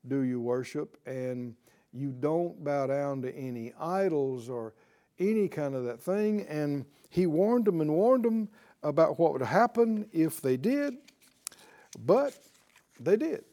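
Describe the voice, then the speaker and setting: A middle-aged male preacher teaches from the Bible at a slow, deliberate pace. His voice sits a little high for a man yet sounds dark and mellow. He talks earnestly and keeps putting questions to his listeners. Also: animated.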